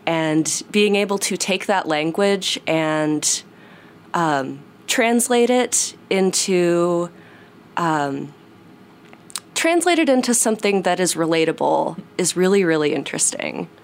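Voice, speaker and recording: A woman talking about performing, reflective and pausing to search for words. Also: fairly low pitch, lively intonation, a little hiss or hum. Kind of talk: casual interview chat.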